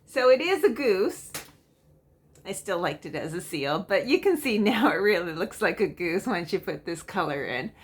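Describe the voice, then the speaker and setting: A woman's voice: lowish voice, big pitch swings, normal speed. A middle-aged woman chatting casually at home as a cross-stitch vlogger, rambling with frequent ums and small laughs. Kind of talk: casual chatty show-and-tell.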